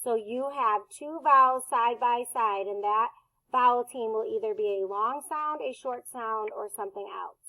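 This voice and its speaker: A woman teaching a recorded phonics and reading lesson for young children, sounding out letters slowly and deliberately. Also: a little high, sharp tone, rough recording.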